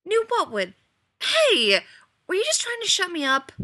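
A woman's voice: very high-pitched, wildly swooping pitch, unhurried, sharp tone, voice pushed up, full character voice. Woman reading as a sarcastic fretful man elf. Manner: exasperated, sarcastic.

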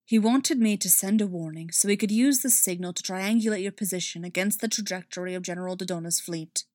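A worn-out male spy confesses with weary regret, as a woman voices him. The reading is steady and mid-pitched, close and dry. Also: a little fast, no echo, natural voice. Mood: remorseful. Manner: tired, apologetic. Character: remorseful male imperial spy, tired.

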